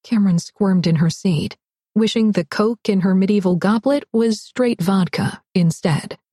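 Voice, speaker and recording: A woman narrating a romance audiobook in a wry, expressive read. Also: mid-range voice, unhurried, no room sound, clean studio sound. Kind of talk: scripted narration.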